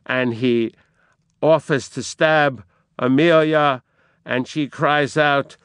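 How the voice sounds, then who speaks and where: Slow, resonant male lecturer. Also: medium pitch, fairly even intonation, a bit bright, smooth, dry recording, studio quality. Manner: dramatic, emphatic narration woven with quoted verse. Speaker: literature lecturer. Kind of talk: lecture on Shakespeare.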